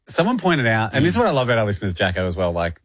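A man's voice: medium pitch, fairly bright tone, dry recording, studio quality. A man co-hosting a podcast in casual chat. He talks in a playful, teasing way and laughs often. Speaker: podcast co-host.

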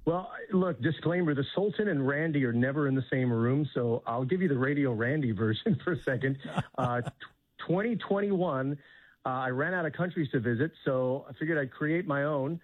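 Male phone guest, deadpan, mock-serious, tinny phone line. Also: mid-range voice, normal speed, no echo. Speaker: radio host guest. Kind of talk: phone-in interview, humorous.

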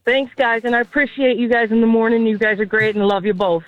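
A woman's voice: fairly high pitch, steady tone, no echo, phone-quality sound. Earnest woman calling in to radio. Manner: earnest, unhurried, affectionate. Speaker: radio caller. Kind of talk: casual call-in chat.

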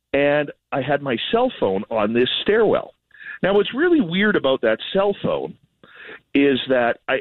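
A man from Canada, a radio host, telling an animated, self-deprecating story in casual chat. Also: mid-range voice, no echo. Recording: tinny phone line.

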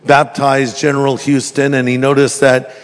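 A man preaching a sermon in church, telling stories in a jokey, animated way. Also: medium pitch, moderate pace, in a large hall. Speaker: pastor.

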